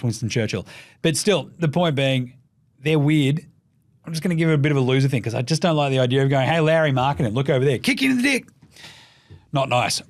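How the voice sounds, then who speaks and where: An Australian man hosting a casual sports show, swearing freely and joking as he runs through his takes. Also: fairly high pitch. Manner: profane, jokey, animated with mocking put-on voices. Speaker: podcast host.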